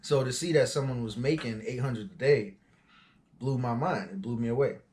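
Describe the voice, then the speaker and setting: A man's voice: medium pitch, moderate pace, darkish tone. Casual forty-year-old man telling his story. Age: 40s. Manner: loose and conversational, frequent fillers and asides. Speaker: auto transport business owner.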